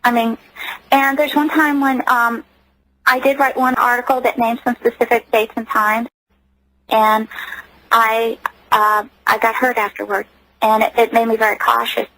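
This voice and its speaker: A woman's voice: fairly high pitch, level tone, moderate pace, pushed and bright, poor audio. A woman giving personal testimony as a radio interview guest, earnest and emotional, often restarting her sentences.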